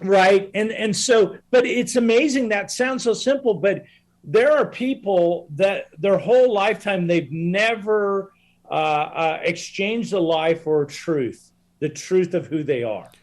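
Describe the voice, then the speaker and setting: A man talks as a podcast guest in an earnest, reflective way, his pitch sitting a little above most men's. He speaks like a coach and often circles back to restart a thought. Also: slow. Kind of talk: casual conversation.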